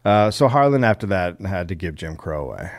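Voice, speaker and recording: A man co-hosting a podcast, telling a history story in a casual, deadpan way and understating absurd details. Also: low voice, a little fast.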